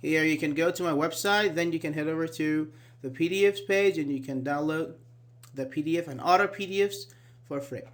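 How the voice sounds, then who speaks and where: A man's voice: on the high side, a little fast. A man teaching an online English grammar class, explaining patiently, repeating key words and asking students questions, with many fillers like "actually".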